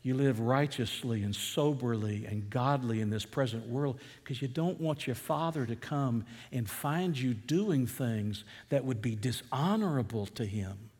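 A middle-aged man preaches from the pulpit, telling stories in a plain conversational way that swells into fervent emphasis. His voice sits at an ordinary mid pitch. The sound carries a long, echoing church-hall reverb. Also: a little slow, hardly any pauses, a little mellow. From Atlanta, USA. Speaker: pastor. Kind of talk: sermon.

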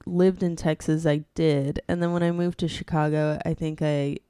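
A young woman co-hosts a podcast in an easygoing, laid-back way, drawing out her words. Her voice is smooth and resonant and sits a bit low. The sound is dry and close. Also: little pitch movement, moderate pace, mellow, no echo. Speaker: podcast co-host. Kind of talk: casual chat.

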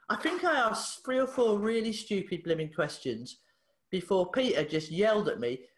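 A woman, a therapist guest on a podcast, telling a story in a lively way, acting out the dialogue and laughing often. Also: mid-range voice, normal speed. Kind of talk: animated storytelling in an interview. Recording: echoey room.

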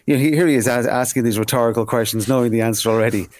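Fast-talking jokey man. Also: medium pitch, no room sound. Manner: animated, jokey, repeats words when excited. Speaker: podcast co-host. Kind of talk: casual podcast chat.

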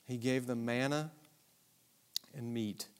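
A man preaching a Bible lesson, animated and self-deprecating, asking the audience many rhetorical questions. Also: medium pitch, takes it slowly, clear, resonant tone. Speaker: pastor. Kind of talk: sermon-style Bible teaching.

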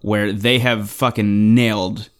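A man's voice: lowish voice, level tone, slow. Rambling casual man on a podcast. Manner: rambling, many fillers, swears casually. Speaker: podcast co-host. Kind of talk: casual chat.

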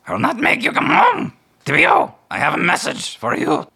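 A man voicing a solemn talking raven messenger in a high, loud squawk. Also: wildly swooping pitch, normal speed, vocal fry, heavily acted.

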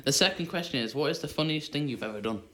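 A man with a bright, crisp voice hosting a casual podcast. He sounds upbeat when he reads the questions aloud. He tells his own stories in a plain, easygoing way. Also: fairly high pitch, lively intonation, fast. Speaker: podcast host.

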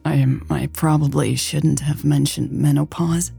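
A woman's voice: low-pitched, steady tone, measured pace, vocal fry, warm tone, breathy edge, faint music behind, exaggerated voice. Woman reading awkward nervous young woman. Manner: awkward, stammering.

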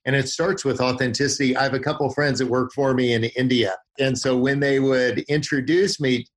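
Husky man telling stories. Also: mid-range voice, steady tone, fairly quick. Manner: folksy storytelling with vivid images. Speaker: guest. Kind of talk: podcast interview.

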